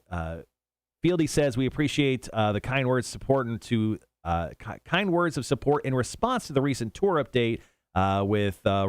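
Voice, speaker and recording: A man's voice: fairly low pitch, smooth, dry recording. A man hosting a morning radio show, teasing his co-hosts in casual banter and reading music news with lots of fillers.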